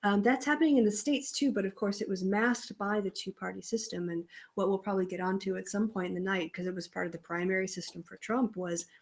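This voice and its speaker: A woman's voice: mid-range voice, fairly even intonation, fast, hardly any pauses. A woman co-hosting election coverage, giving an analytical, lecture-like explanation of electoral systems. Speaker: co-host and political scientist. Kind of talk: casual panel discussion.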